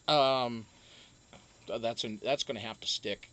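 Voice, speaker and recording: A livestream host in loose, casual chat, swearing often and breaking into laughter. The pitch swings widely from low mutters to sudden high exclamations, and the talk is full of ums and restarts. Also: animated, slow pace, fairly bright tone, smooth. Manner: profane, joking, laughs often, trails off with ums. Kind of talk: casual livestream chat, reading viewer comments.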